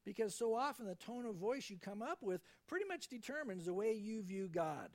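A man with a high voice delivers a sermon in a relaxed, conversational tone. He preaches as a pastor and slips into the voices of the people he quotes. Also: fairly quick.

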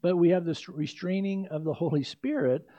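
An older man preaching a sermon with animated emphasis and quick asides. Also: fairly high pitch, dry recording. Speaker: pastor. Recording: dry, slightly dull lo-fi recording.

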